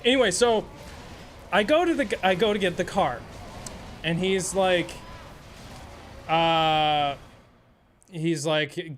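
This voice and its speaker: A man's voice: a little high, slow pace, pauses often, fairly bright tone, a little hiss or hum. A man streaming a game and telling a rambling, profane, sarcastic story in casual chat. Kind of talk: casual storytelling while gaming.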